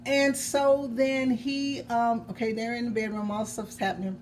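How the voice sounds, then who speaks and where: A woman's voice: fairly high pitch, little pitch movement, normal speed, slight background noise. A woman novelist vlogging in a casual chat about her own book, rambling and correcting herself as she goes, with the odd chuckle.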